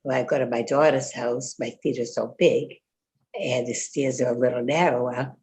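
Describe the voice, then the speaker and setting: A woman's voice: rumbling low, fairly even intonation, normal speed, darkish tone. An older woman chatting casually with fellow congregants, telling a rambling story full of fillers and quoted speech. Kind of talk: casual chat.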